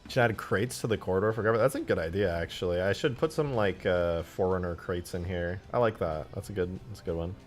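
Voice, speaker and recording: Over soft background music, a man streaming game modding answers viewers' questions in a loose, profane way. His voice sits low, and he talks quickly with hardly any pauses.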